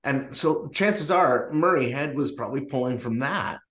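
A man's voice: medium pitch, lively intonation, normal speed, fairly bright tone. A man co-hosting a podcast, talking enthusiastically and rambling with lots of fillers. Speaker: podcast co-host. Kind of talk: casual chat. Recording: echoey room.

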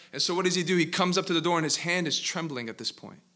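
A man's voice: fairly high pitch, fast, pushed and bright. A male preacher narrating a parable in a sermon, with dramatic, building delivery and sudden bursts of force. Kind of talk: sermon storytelling.

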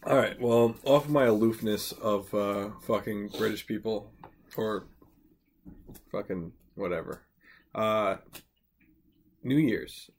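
A man's voice: fairly low pitch, takes it slowly, long pauses, slight background noise. A young man co-hosting a podcast, rambling crudely in casual banter with laughing asides. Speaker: podcast co-host.

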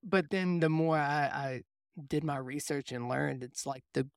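A man's voice: a little high, measured pace, vocal fry, no echo, clean studio sound. A young adult man, a mindset coach, telling a reflective personal story in casual faith conversation. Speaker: podcast co-host, mindset coach.

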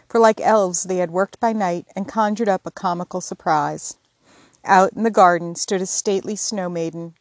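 A woman narrating a classic novel chapter in a measured, expressive storybook reading. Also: medium pitch, no echo. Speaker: audiobook narrator. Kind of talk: scripted narration.

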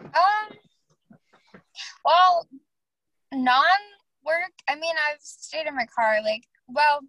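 A woman's voice: sits high, lively intonation, very slow, sharp tone, no echo, poor audio. A woman guest chatting casually in an interview, telling stories with lots of fillers and laughs.

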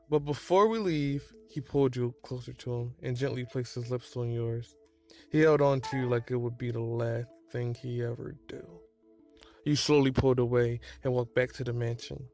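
A man reading fan fiction aloud in a plain, even way. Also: mid-range voice. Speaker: reader.

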